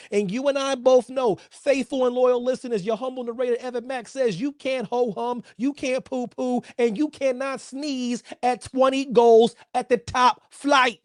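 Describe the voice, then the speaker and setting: A man hosting a solo football podcast. He talks in an animated, playful way, using slang and rhetorical questions. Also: very high-pitched, dry recording, clean studio sound. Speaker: podcast host.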